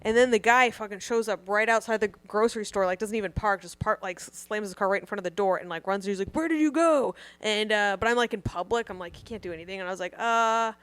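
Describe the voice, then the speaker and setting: Profane, animated woman telling stories. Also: medium pitch, quick pace, few pauses, smooth, no room sound. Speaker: podcast co-host. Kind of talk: casual comedy podcast storytelling.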